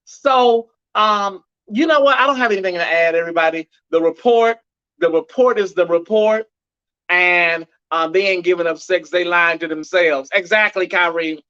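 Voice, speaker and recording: A man's voice: high voice, normal speed, sharp tone, clear, resonant tone, no room sound, dull audio. A man hosting a live headline show, delivering the news in a sassy, gossipy way and greeting viewers by name.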